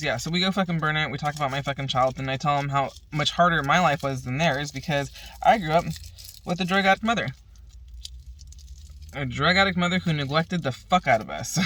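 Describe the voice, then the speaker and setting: A woman's voice: low voice, expressive, normal speed, a bit bright, slight background noise. Foul-mouthed woman rambling through a story. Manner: profane, rambling, retells talks with "I'm like"; laughs at own stories. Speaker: vlogger. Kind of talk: casual storytelling monologue.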